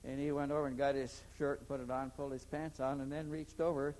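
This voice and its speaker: Here the interviewed man talks fast in a darkish, mid-range voice with little pitch movement, recounting his experiences in a long, rambling anecdote. He often repeats his first words when starting a sentence, and the audio quality is poor.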